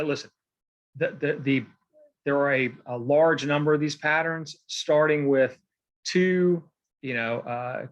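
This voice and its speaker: In a recorded lecture, a man with a highish, fairly bright voice teaches poetry in a casual, rambling way, full of fillers and frequent "okay?" check-ins, writing on a board to mark examples by hand. The highs in the recording are cut off.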